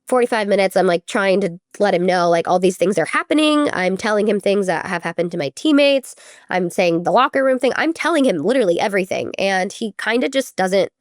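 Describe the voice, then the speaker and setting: A woman's voice: medium pitch, animated, brisk, no echo, clean studio sound. A young adult woman, a former college gymnast, telling her story in a casual interview, chatty and full of filler words, acting out what others said. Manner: chatty, many "like" fillers, acts out quoted speech.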